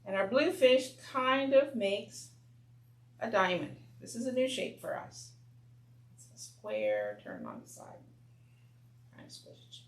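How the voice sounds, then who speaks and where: A woman talks young children through coloring and shapes in a slow, patient classroom voice. Her pitch moves up and down a lot, with a gravelly edge on low notes. The sound is echoey, with a faint hum underneath. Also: very animated. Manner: gentle, patient, explains step by step. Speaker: children's program presenter. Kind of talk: slow, clear teaching for young kids.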